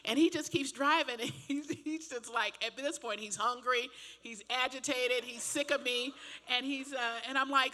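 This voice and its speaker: An older woman pastor preaching a sermon, telling a personal story in a chatty, animated way with laughs and asides. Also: sits high, normal speed. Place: church.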